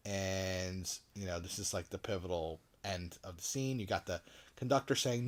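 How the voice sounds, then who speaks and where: A man co-hosting a podcast, retelling a movie scene in a loose, animated way and acting out the characters' lines. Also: low-pitched, moderate pace. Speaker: podcast co-host. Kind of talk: casual movie recap chat.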